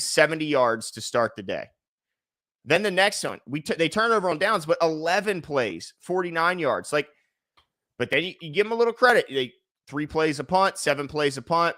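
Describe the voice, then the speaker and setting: Bright-voiced man rattling off stats. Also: a little high, no echo, studio quality. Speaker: sports podcast host. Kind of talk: casual sports talk.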